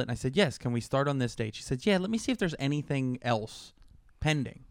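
A man's voice: mid-range voice, fairly quick, clear, resonant tone, no room sound, clean studio sound. A man co-hosting a casual podcast, telling a story and acting out both sides of a phone call. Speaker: podcast co-host.

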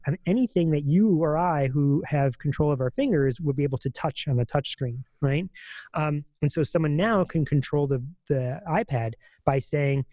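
A man's voice: on the high side, warm tone, no room sound, highs cut off. A man co-hosting a podcast, explaining at length in a casual, rambling way with many fillers and restarts. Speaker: podcast co-host.

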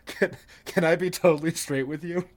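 A man's voice: fairly high pitch, steady tone, normal speed. A man co-hosting a casual podcast, joking crudely and swearing freely. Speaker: podcast co-host. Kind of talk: casual chat.

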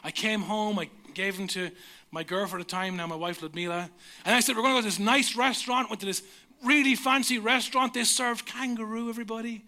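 A man's voice: high voice, fairly even intonation, brisk, sharp tone. An Irish man in his thirties preaching a sermon, telling humorous, self-mocking personal stories. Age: 30s. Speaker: pastor.

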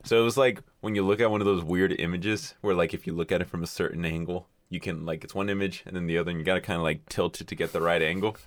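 A man's voice: low-pitched, fairly even intonation, fast, few pauses, dry recording. A man co-hosting a casual podcast, telling a profane, laugh-filled story among friends. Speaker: podcast co-host.

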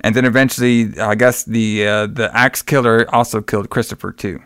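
A man's voice: fairly low pitch, steady tone, a little fast, fairly bright tone, dry recording, studio quality. A man casually recapping a movie on a podcast, rambling, swearing often, laughing and acting out the characters. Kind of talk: casual profane chat.

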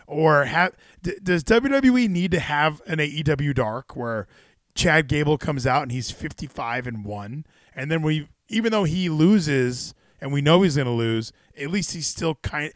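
A man hosting a casual wrestling chat stream, excitable and rambling. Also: fairly high pitch, moderate pace, no echo, studio quality. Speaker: stream host.

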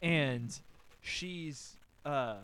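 A man on a podcast, casually telling a story to his co-host, animated and swearing often, with lots of fillers. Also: fairly high pitch, drawn-out words, clean tone. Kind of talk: casual chat.

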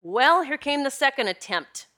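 A woman with a bright, forceful voice tells a personal story in a relaxed monologue. She sounds animated and confiding and speaks straight to her listeners. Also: sits high, moderate pace. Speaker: spiritual energy practitioner.

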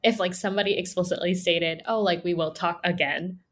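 A young woman co-hosting a podcast, chatting in a relaxed, reflective way. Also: on the low side, fairly quick. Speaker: podcast co-host. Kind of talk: casual chat.

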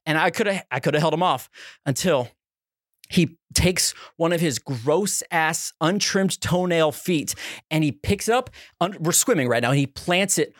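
A young man co-hosting a podcast, telling a comedic story and acting out the quotes with loud, animated voices. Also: normal speed, no echo, studio quality. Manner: animated, acts out quotes with big pitch jumps and shouts. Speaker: podcast co-host.

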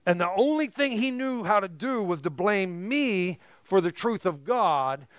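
A man preaching a sermon as pastor, emphatic, building to forceful peaks on key phrases. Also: high voice, animated, a little slow, smooth, no echo.

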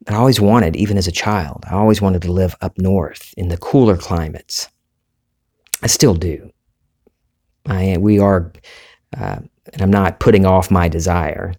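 Southern guy w a low voice, thoughtful, just telling stories to his listeners. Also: measured pace, pauses often, darkish tone. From Deep South, USA. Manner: thoughtful, storytelling, self-reflective. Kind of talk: reflective monologue.

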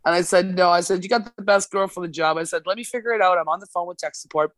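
A woman's voice: on the low side, steady tone, fast talker, no echo. A woman guest on a casual podcast, telling a story with lots of swearing and acted-out quotes. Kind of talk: casual chat. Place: podcast studio.

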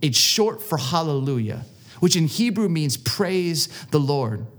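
A man voicing a bold, exuberant pastor in his sixties who loudly shouts praise. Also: a little high, very animated, unhurried. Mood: earnest. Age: 60s. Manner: loud repeated shouts of praise. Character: exuberant older male pastor, bold and joyful. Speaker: prison pastor.

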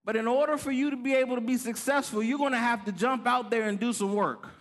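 A man preaching a sermon, telling a story with animated delivery and acting out the voices of others. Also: extremely high pitch, quick pace.

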